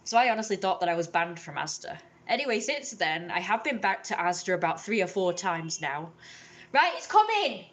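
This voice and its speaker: A young woman tells a long grievance to her camera, rambling and indignant, with a somewhat low voice. She jumps into higher voices to mimic the people in her story. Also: fairly quick, few pauses. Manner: rambling, indignant, acts out others in raised voices. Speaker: vlogger.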